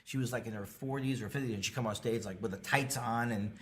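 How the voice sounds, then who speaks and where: A middle-aged male comedian telling stories as a podcast guest, animated and full of restarts. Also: quick pace, a little hiss or hum. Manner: animated, many restarts, bursts into high character voices. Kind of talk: storytelling conversation.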